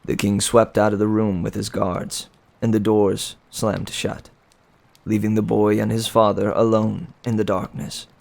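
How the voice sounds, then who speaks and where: A man reading a novel aloud in plain, unhurried storytelling. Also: lowish voice, level tone, gravelly, a little mellow. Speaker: reader.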